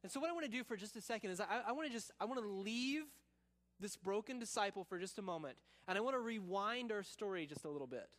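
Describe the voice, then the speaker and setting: A man preaching a sermon, telling a story and acting out quotes, then dropping to a quiet, searching tone. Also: high voice, lively intonation, quick pace. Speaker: pastor.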